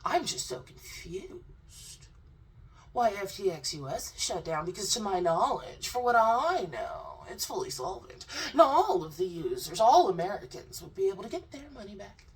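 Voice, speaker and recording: A woman's voice: mid-range voice, big pitch swings, distant mic, a little hiss or hum, voice pushed up, natural voice. A woman mocking a prissy, whiny young man. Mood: whiny self-pitying. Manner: slow, drawn-out, mock-indignant.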